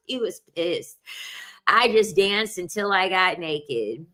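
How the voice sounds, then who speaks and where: A young adult woman telling personal stories in a casual, animated way, laughing often and acting out what people said. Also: lowish voice, unhurried, smooth. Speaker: video host. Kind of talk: casual storytelling.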